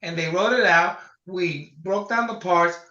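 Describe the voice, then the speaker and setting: High, bright older man telling stories. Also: measured pace. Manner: animated storyteller, acts out quotes. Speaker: singer recalling his career. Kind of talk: casual interview conversation. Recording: echoey dull lo-fi sound.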